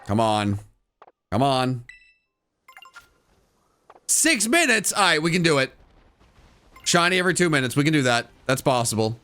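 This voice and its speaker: A man's voice: mid-range voice, very animated, moderate pace, long pauses, pushed and bright. Guy streaming from home, bouncy up and down voice, keeps repeating stuff, talks to chat. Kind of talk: casual live-stream game commentary. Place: home room.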